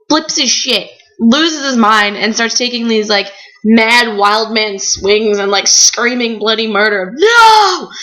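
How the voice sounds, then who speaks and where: A young woman chatting casually in a video blog, telling animated stories full of "like". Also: mid-range voice, low-quality recording. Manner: chatty, animated storytelling with frequent "like". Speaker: vlogger. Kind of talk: casual chat.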